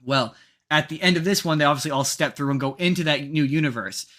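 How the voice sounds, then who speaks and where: Male podcast host, bright slightly high voice, rambling casual talk. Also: fast. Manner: rambling, restarts often.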